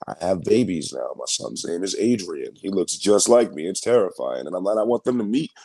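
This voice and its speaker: Fast-talking young man telling his story. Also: deep voice, animated, creaky, dark tone, dry recording. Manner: fast, emphatic storytelling with profanity and many restarts. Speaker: interview guest. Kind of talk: candid storytelling interview.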